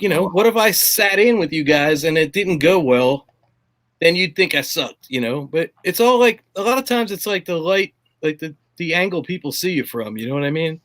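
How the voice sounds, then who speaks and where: A man's voice: fairly high pitch, fairly bright tone. A middle-aged man spins loose, rambling tour stories with a slightly raised voice. His talk is salted with curses and endless "like" and "you know". He sounds easygoing and unscripted. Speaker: drummer guest. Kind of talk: casual storytelling chat.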